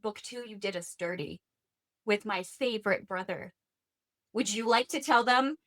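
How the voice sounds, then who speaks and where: A woman's voice: mid-range voice, normal speed, fairly bright tone. A woman hosting a podcast, chatting casually and enthusiastically about fantasy books and swearing now and then. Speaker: podcast host. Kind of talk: casual book chat.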